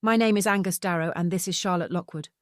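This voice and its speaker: A woman's voice: fairly low pitch, fast, dry recording, studio quality, natural voice. A woman voicing a stern middle-aged man, a former police detective, who speaks firmly and in clipped sentences. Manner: firm and clipped.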